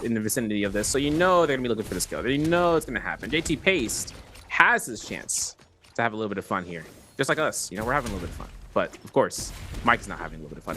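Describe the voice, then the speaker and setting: A man co-casting an esports match live, trading quick banter and spinning running jokes over the action. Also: medium pitch, pushed and bright, a little hiss or hum. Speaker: esports co-caster. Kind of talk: live play-by-play commentary.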